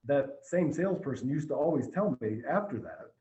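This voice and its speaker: A man, a dealership general manager, telling animated stories in a casual podcast chat over a remote call. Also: on the high side, normal speed, echoey room, slight background noise, low-quality recording. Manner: storytelling, energetic, with frequent restarts.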